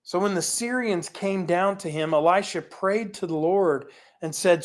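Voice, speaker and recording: A woman teaching a casual Bible study, reading scripture aloud and paraphrasing it in lively, chatty asides, often laughing. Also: on the low side, measured pace.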